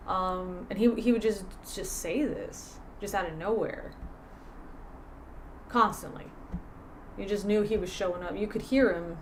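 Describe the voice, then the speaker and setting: A woman's voice: medium pitch, measured pace, a little hiss or hum. Woman telling a casual livestream story. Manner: conversational, frequent restarts and fillers, animated. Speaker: livestream host.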